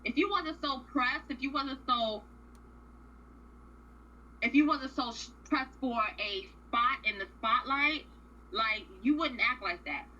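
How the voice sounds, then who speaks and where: A woman's voice: high-pitched, slow pace, sharp tone, muffled recording, a little hiss or hum. A woman co-hosting a radio show, casually recapping a reality series in a blunt, profane, opinionated way.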